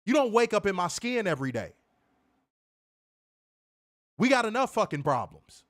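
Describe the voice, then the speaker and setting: A high-voiced man co-hosting a wrestling review stream rants angrily and profanely at a moderate pace. His delivery is very animated, emphatic, and insistent.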